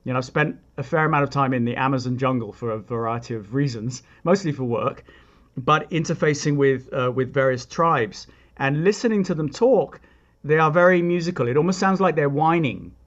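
A man's voice: medium pitch, fairly quick, muffled recording. A man, a composer explaining his ideas in a thoughtful, reflective interview. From England. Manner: thoughtful, reflective, with frequent restarts and asides. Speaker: composer, guest.

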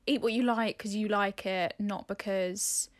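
A woman's voice: mid-range voice, steady tone, unhurried. A woman co-hosting a podcast, chatting casually and playfully, often laughing at her own stories. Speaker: podcast co-host. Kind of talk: casual chat.

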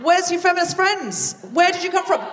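A comedy podcast host does live stand-up crowd work on stage in a large theatre, joking and bantering with the audience. Her very high voice moves briskly through a stage microphone heard from a distance. The sound carries a long reverb tail and heavy background noise.

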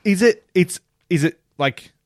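A man, co-hosting a casual podcast chat about a TV show, animated and laughing often, swearing freely. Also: high-pitched, unhurried, dry recording, clean studio sound. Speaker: podcast co-host.

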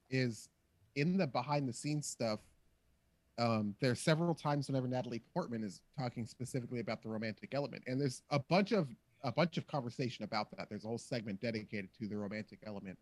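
A man chatting casually and profanely on a podcast, animated and rambling, acting out quotes in silly voices. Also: medium pitch, a little fast, no echo. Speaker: podcast co-host.

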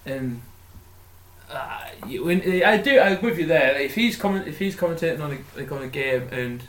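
A man co-hosting a casual football podcast, chatting excitably and laughing often. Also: on the high side, moderate pace. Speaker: podcast co-host. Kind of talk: casual chat. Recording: echoey room.

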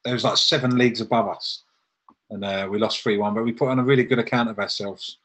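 A man's voice: lowish voice, fairly even intonation, fast, fairly bright tone, husky, poor audio. A man, a football manager guest in casual chat, telling stories animatedly and laughing often.

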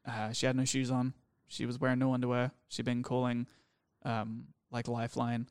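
A man's voice: mid-range voice, completely flat delivery, moderate pace, clear, resonant tone, dry recording, studio quality. A young man telling a personal story on a podcast in a rambling, frank, sweary way.

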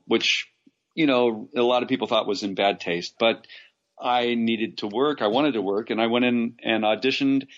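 A man from Los Angeles recalls his acting jobs in a loose, rambling way, full of restarts and sudden lively asides. His voice sits at an ordinary middle pitch, heard through a dull, lo-fi connection. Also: normal speed. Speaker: actor guest. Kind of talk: casual interview anecdotes.

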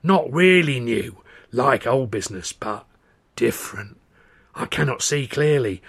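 Man doing ancient female fortune-teller, rasping, harsh, slow broken warnings, loud, audiobook. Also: medium pitch, animated, voice pushed up. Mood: wailing. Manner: broken, halting speech, slow wailing pronouncements.

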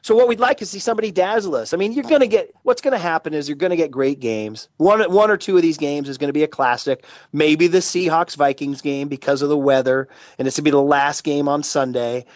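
A man chatting as a guest commentator on a podcast, excitable and rambling, joking as he goes. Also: fairly high pitch, fast talker, hardly any pauses, no echo. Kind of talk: casual podcast chat.

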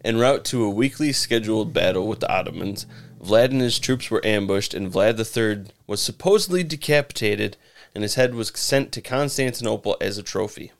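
A man's voice: lowish voice, lively intonation, moderate pace, vocal fry. A man co-hosting a casual podcast, reading history notes aloud, laughing often and stumbling over names. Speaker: podcast co-host.

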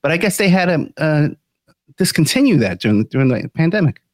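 A man's voice: fairly high pitch, sing-song, a little fast, no room sound. A man hosting a podcast, talking casually with many fillers and restarts. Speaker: podcast host. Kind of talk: casual interview.

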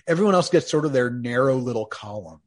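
A man's voice: mid-range voice, animated, fast talker. A man co-hosting a podcast in casual chat, wry and sarcastic, often laughing at his own jokes. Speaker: podcast co-host.

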